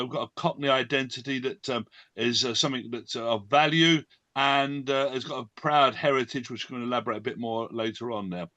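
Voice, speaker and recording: A man hosts an online event presentation in a medium-pitched, sharp-toned voice. He sounds hesitant, with many fillers and restarts, and there's no room sound.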